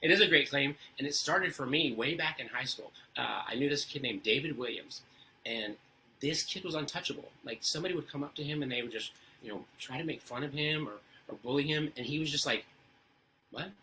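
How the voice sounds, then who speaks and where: A man speaks as an interview guest, sharing stories in an earnest, conversational way. His voice is bright and forceful. He talks at a quick clip and often checks in with rhetorical questions. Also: medium pitch, a little hiss or hum, low-quality recording. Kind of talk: casual storytelling interview.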